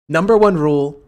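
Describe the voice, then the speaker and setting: A man hosting a casual political livestream, rambling and sarcastic, with a profane, joking way of talking. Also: a little high. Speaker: livestream host.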